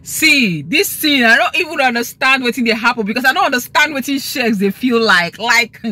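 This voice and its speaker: A woman's voice: fairly high pitch, animated, brisk, sharp tone. A young Nigerian woman chatting through a casual gossip vlog from inside her car, slipping into Pidgin as she talks. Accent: Nigerian English. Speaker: gossip vlogger.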